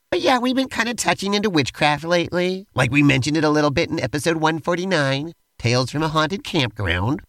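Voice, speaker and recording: A man's voice: on the high side, animated, fairly quick, hardly any pauses, fairly bright tone, dry recording. A man co-hosting a podcast, narrating a playful role-play and bantering with enthusiasm. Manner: enthusiastic, talky, uses "like" a lot. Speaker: podcast co-host.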